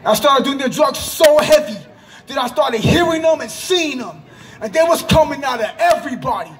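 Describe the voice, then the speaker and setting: A man with a very high-pitched voice gives a fervent spoken testimony in an outdoor park. He talks in urgent bursts, often rising into a shout and repeating phrases for emphasis. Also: lively intonation, normal speed. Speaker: person giving a religious testimony.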